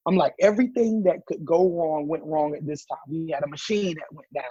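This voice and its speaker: Southern man, husky and animated. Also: on the high side, brisk, no room sound. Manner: animated storyteller acting out quoted voices. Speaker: podcast guest, business owner. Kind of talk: casual interview chat. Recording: dull, slightly muffled podcast audio.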